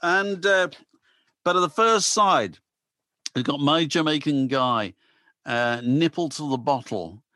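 A man's voice: on the high side, takes it slowly, long pauses, pushed and bright, no echo. Male podcast co-host, rambling casual record talk, dry close-mic sound. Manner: rambling, restarts, many asides. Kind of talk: casual chat about records.

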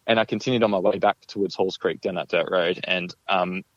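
A man's voice: deep voice, steady tone, fairly quick, a bit bright, no echo, dull audio. A man telling a personal story in a casual, rambling way, full of "like" and "you know.". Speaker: guest recounting an encounter.

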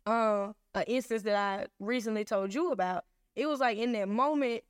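A young woman hosts a faith podcast in a smooth, clear voice. She tells stories openly and plays out both sides of conversations. The sound is dry and close, with no room around it. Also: fairly high pitch, moderate pace, dry recording. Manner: candid, animated storytelling with acted-out dialogue. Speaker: podcast host. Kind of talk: casual faith podcast chat.

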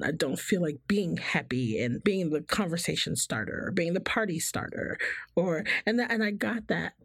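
A woman with a gravelly, husky voice speaks candidly and laughs often, breaking into higher voices when she mimics friends and family. Her voice is close and dry, with no room sound. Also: dry recording. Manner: animated, laughs often, acts out others' voices. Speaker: guest. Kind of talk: candid personal conversation.

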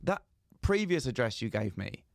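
A man's voice: mid-range voice, big pitch swings, moderate pace, gravelly, dry recording. Man, podcast co-host, casual comic storytelling, voices other people in the story, dry recording. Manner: comic anecdote-telling, acts out both sides of calls.

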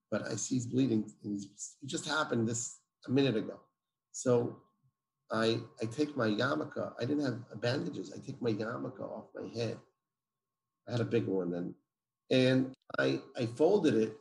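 A man's voice: medium pitch, vocal fry, a little mellow. A man, a guest telling a personal story emphatically and acting out the dialogue. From Israel. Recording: roomy echo.

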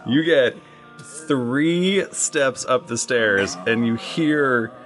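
A man's voice: medium pitch, very slow, fairly bright tone, soft background music. A man narrating as game master of a tabletop game, with playful, dramatic storytelling.

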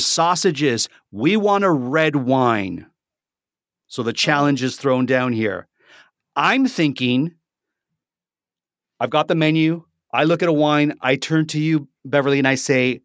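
Male host, fairly high voice, lively and animated, dry close sound. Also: dry recording. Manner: playful, animated scenario-setting. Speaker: podcast host. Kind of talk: casual podcast conversation.

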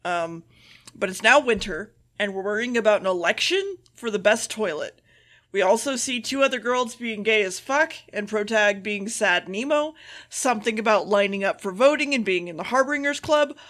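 A woman's voice: medium pitch, normal speed, a bit bright. A woman co-hosting a podcast, recapping an anime in a sarcastic, casual way and swearing freely. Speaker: podcast co-host.

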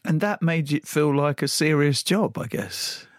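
A man's voice: on the high side, unhurried, dry recording, clean studio sound. A male podcast host who interviews and wraps up the show, with an enthusiastic, playful manner. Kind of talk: interview and outro.

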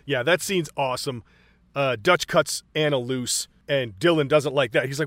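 A man co-hosting a casual film chat, excited and profane, acting out movie lines as he retells scenes. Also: mid-range voice, unhurried, no room sound. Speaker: podcast co-host.

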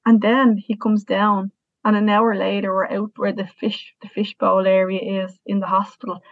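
A woman's voice: medium pitch, level tone, moderate pace, dry recording. Irish woman telling a personal story. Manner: earnest, emotional, with frequent restarts. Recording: tinny, dry phone-like sound.

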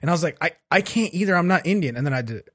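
A man's voice: on the high side, lively intonation, rapid-fire, fairly bright tone. A man from the United States co-hosting a podcast in teasing casual chat, laughing often. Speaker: podcast co-host.

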